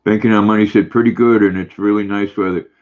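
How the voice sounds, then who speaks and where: Older male stream host, low-pitched, laid-back, reads chat aloud; dull lo-fi audio. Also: fast talker. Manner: relaxed, friendly, chatty. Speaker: livestream host. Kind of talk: casual livestream chat, reading comments aloud.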